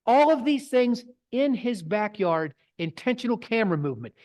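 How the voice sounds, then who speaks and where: A man's voice: very high-pitched, sing-song, normal speed, darkish tone. A middle-aged man, presenting to a photography club in a folksy, digressing storytelling way. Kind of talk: casual talk with slides. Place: club meeting room.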